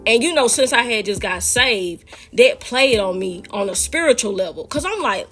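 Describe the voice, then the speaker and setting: Faint music plays behind a woman whose voice sits a little high and moves at a normal speed. Sharing her faith testimony, she teaches listeners casually and with animation, addressing them directly as "y'all."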